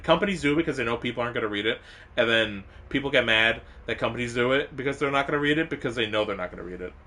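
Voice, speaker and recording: Rambling young man streaming, bright voice. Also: mid-range voice. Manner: rambling, exasperated, lots of fillers and restarts; mock-angry teasing of a chat viewer. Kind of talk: casual live-stream chat.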